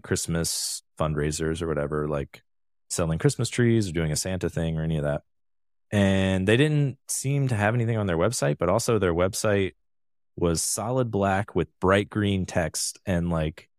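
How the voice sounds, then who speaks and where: A man with a notably low voice co-hosts a podcast, talking in a loose, rambling way with plenty of fillers and easy laughter. The sound is close and dry, with no room around it. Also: dry recording. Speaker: podcast co-host. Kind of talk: casual chat.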